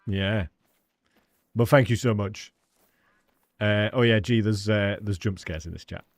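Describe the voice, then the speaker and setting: Chatty English male game streamer, low voice, dry close-mic home setup, lots of laughs. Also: unhurried, no echo. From England. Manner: chatty, laughs often, calls viewers mate. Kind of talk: casual live-stream chat. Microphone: studio dynamic microphone.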